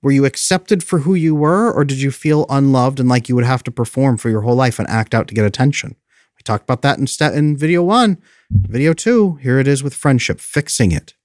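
Male relationship coach, medium pitch, emphatic motivational delivery, dry recording. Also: expressive, fairly quick, a little mellow, no room sound. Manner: emphatic, acts out quoted lines, laughs often. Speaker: attachment coach. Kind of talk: motivational talk to viewers.

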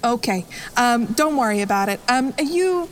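A woman voicing a wary, brisk boatwoman with a scarred face, reassuring and slightly flustered. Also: on the high side, animated, slight background noise, natural voice.

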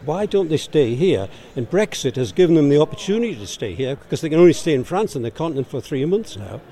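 Geordie man with a dark voice. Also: fairly high pitch, sing-song, fast. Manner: matter-of-fact, explains with figures. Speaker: director of a campaign group. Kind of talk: interview answers.

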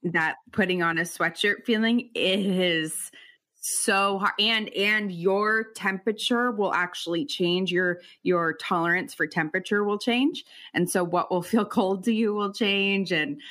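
A woman's voice: mid-range voice, a little slow, fairly bright tone. A woman hosting an interview in a casual, chatty way, laughing often and trailing off mid-sentence. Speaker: podcast host.

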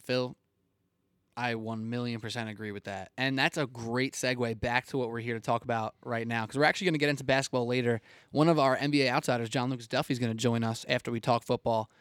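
A man's voice: mid-range voice, steady tone, fast, a bit bright, clean tone, dry recording. Young guy hosting sports talk, medium voice, dry close mic, chatty and laughing. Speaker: sports talk show host.

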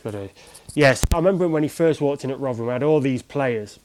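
A man of middle pitch, a former goalkeeper, tells stories as a guest in a relaxed interview. His talk rambles and restarts often. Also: quick pace, low-quality recording. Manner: rambling, conversational, many restarts and fillers. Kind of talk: casual storytelling in an interview.

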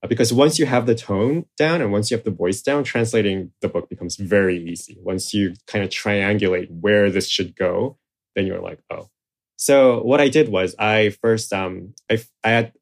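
This man, a literary translator, speaks in a low-pitched voice with vocal fry. In the interview he wanders off casually, using many fillers and frequently starting over.

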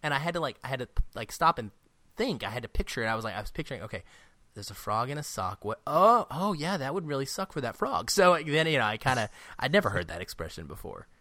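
A young man co-hosting a podcast, chatting casually and excitedly about a film, rambling and laughing often. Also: mid-range voice, fast, no echo. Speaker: podcast co-host. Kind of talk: casual movie review chat.

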